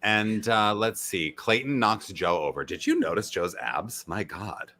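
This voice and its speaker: A man with a fairly low voice and a bright, forceful tone, co-hosting a casual reality TV recap. His pitch swings widely as he talks. He animatedly quotes people in high, mocking voices. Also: lively intonation, unhurried. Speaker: co-host of a reality TV recap show.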